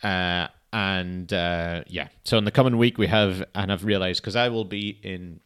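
A man's voice: low-pitched, fairly even intonation, unhurried, fairly bright tone, clear, resonant tone. A young man hosting a podcast, chatting casually in a rambling, laid-back way and swearing often. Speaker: podcast host. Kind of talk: casual solo chat.

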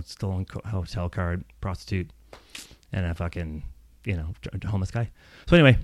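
A man's voice: fairly low pitch, no room sound. A man telling a long personal story in a casual, rambling way, swearing often and laughing as he goes. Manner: profane, rambling, animated, laughs while telling.

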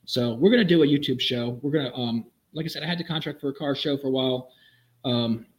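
A man who builds custom vehicles, telling animated, enthusiastic stories as a podcast guest. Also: medium pitch, poor audio. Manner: animated, enthusiastic, quick storyteller. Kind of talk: casual storytelling in a podcast interview.

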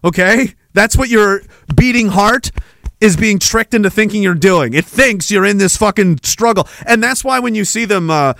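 High-voiced man ranting with profanity. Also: moderate pace, creaky, fairly bright tone, dry recording, studio quality. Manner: heated, swearing, mocking and sarcastic. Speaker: podcast host.

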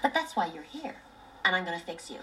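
An actress playing a blunt, no-nonsense female therapist with a quick-fire, matter-of-fact delivery, heard in a TV clip with audience noise behind her. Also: on the low side, big pitch swings, a bit bright, low-quality recording.

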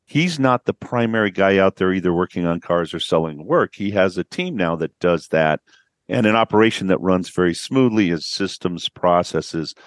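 A man's voice: low voice, animated, moderate pace, no room sound, clean studio sound. A man, a business coach, telling stories of clients on a podcast and acting out their quotes. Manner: storytelling, acts out quotes with a rising voice. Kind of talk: podcast interview.

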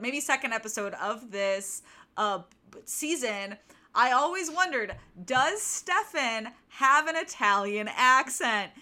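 A woman's voice: fairly high pitch, sharp tone. A young woman co-hosting a casual book podcast, chatty and sarcastic, full of "like" and "um". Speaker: podcast co-host. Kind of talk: casual book-club chat.

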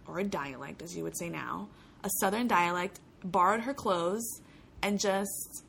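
Bright-voiced chatty woman from Puerto Rico. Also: mid-range voice, a little hiss or hum. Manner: chatty, laughs often, many restarts. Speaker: guest, actor. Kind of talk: casual interview conversation.

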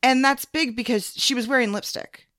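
A woman's voice: on the high side, fairly even intonation, normal speed, a bit bright, no room sound, clean studio sound. A woman chatting casually on a podcast, talking freely with lots of "like" and "um". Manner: chatty, many fillers like "like" and "um". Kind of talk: casual chat.

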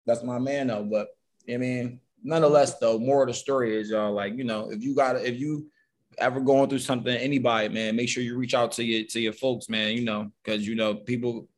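A man's voice: mid-range voice, fairly even intonation, fairly quick. A man hosting a podcast, talking in a loose, slangy, sincere way. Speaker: podcast host. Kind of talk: casual podcast chat.

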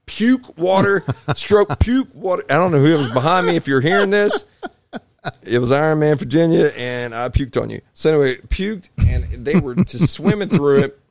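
A man telling a long story on a podcast in a casual, animated way, acting out other people's voices. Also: on the high side, moderate pace, no room sound. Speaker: podcast guest.

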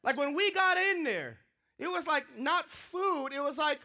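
A man preaching a sermon, telling a funny personal story in an animated, joking way. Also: very high-pitched, unhurried. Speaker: pastor.

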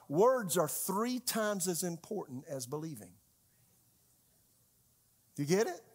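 A man preaching a conversational sermon, asking his congregation frequent rhetorical questions and swinging between loud and hushed delivery. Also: high voice. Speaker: pastor.

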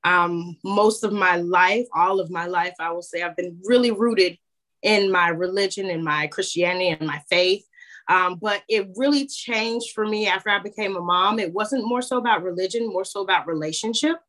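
A woman's voice: mid-range voice, normal speed, a bit bright. A woman guest speaking earnestly and from the heart in a casual interview, with plenty of fillers. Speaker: guest, content creator.

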